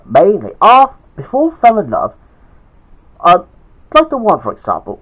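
A man reading his own homemade story aloud, halting and chatty, with asides to his listeners. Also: a little high, a bit bright, highs cut off. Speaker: storyteller, channel host.

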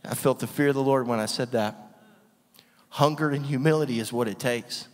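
A man's voice: mid-range voice, a little fast. Preaching man in a reverberant hall. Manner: energetic, emphatic, laughs often, rhetorical questions. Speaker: guest preacher. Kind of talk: sermon. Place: church hall with long reverb.

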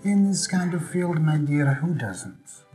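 A crime boss with a fairly high, lively voice that swoops up and down. He talks smoothly and a little patronizingly. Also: measured pace, over music. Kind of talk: film acting.

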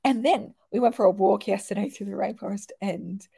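A woman's voice: mid-range voice, fairly even intonation, a little fast, gravelly, mellow, slightly rough. A woman in her forties chatting casually with viewers as a host, laughing often and swearing now and then. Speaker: host answering viewer questions. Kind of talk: casual chat.

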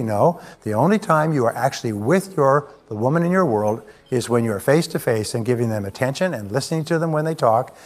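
A man giving a self-help talk as a motivational speaker, measured and explanatory, leaning on key words. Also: medium pitch, expressive.

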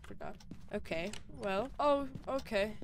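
A woman's voice: mid-range voice, takes it slowly, a little hiss or hum. A young woman giving nervous, chatty commentary while playing a horror game alone, with jumpy reactions. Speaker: gaming YouTuber.

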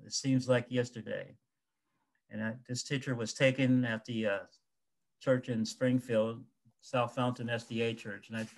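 Middle-aged guy remembering his best friend, choked up, stops and restarts a lot. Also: medium pitch. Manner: emotional, halting, with restarts. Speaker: friend giving a tribute. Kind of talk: heartfelt personal remembrance.

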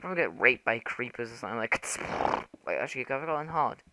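A young man giving casual, rambling gameplay commentary for his channel, excitable, swearing and laughing often. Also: medium pitch, quick pace, noisy background. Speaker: gaming channel host.

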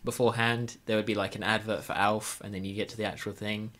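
A man co-hosting a casual podcast, speaking haltingly with frequent fillers and trailing pauses. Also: on the low side, little pitch movement, fairly bright tone. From United Kingdom. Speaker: podcast co-host.

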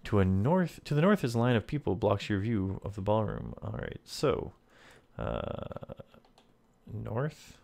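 Guy with a low gravelly voice reading a text adventure out loud and cracking wry little jokes to himself. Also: very animated, a little slow. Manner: reads game text and comments wryly to himself. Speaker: let's player. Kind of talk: reading a text adventure aloud with casual commentary.

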